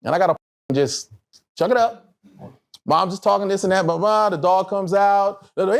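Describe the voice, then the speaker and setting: A middle-aged man, an actor, telling a personal story in an interview with animated, profane, emotional delivery. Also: high-pitched, moderate pace.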